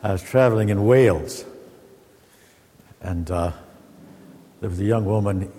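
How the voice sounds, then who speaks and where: A man preaching a sermon as an Orthodox priest, telling folksy stories, then teaching in a measured way. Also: lowish voice, mellow, a little hiss or hum. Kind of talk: sermon with opening jokes. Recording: echoey hall with long reverb.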